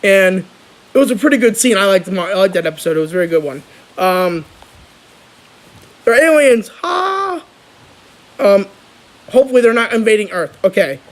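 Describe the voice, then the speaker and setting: A young man chatting casually on his channel, rambling and excitable, with lots of restarts. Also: high-pitched, normal speed, pauses often, rough recording. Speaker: vlogger. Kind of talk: casual chat.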